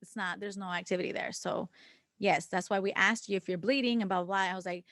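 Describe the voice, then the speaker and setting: A woman co-hosting a casual podcast, speaking candidly and with feeling as she tells a personal story. She acts out the dialogue of others, drops the occasional swear word, and sits in a mid-range pitch. The recording is dry and close, with no room sound. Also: steady tone, quick pace, fairly bright tone, no echo. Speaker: podcast co-host.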